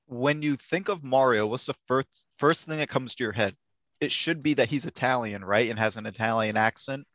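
A man's voice: medium pitch, normal speed, fairly bright tone, no room sound. A man co-hosting a casual movie podcast, with a wry, incredulous way of talking. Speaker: podcast co-host. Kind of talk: casual chat. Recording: dry lo-fi sound.

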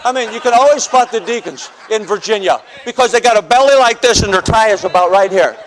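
Male pastor from the northern US, high-pitched, animated testimony preacher who jokes and acts out scenes. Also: fast. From northern United States. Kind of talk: preaching a personal testimony sermon.

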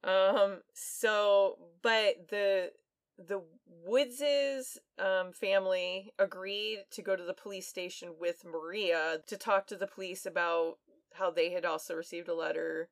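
A woman's voice: mid-range voice, steady tone, a little slow, dry recording. A woman co-hosting a podcast, casually retelling a true-crime story with plenty of fillers and laughs. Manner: chatty, laughs often, many fillers. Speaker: podcast co-host.

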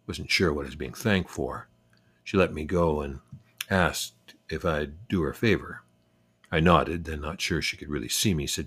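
An older man narrating a personal memoir in a reflective, unhurried, wry way. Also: rumbling low, slightly rough, dry recording. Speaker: storyteller.

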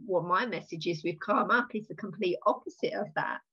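Lively English woman, podcast guest, casual, slightly muffled line. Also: lowish voice, fairly quick, husky. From England. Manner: animated, lively storytelling with laughs. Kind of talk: casual conversation.

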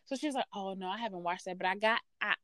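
A woman hosting a podcast, telling a workplace story in a blunt, profane, sassy and animated way. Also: medium pitch, racing, no room sound. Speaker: podcast host. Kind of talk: casual storytelling rant.

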